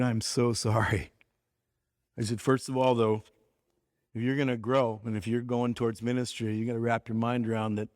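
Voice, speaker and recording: A man speaking at a ministry conference, telling a personal story in a conversational sermon and dropping his voice low for the serious points. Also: no room sound, studio quality.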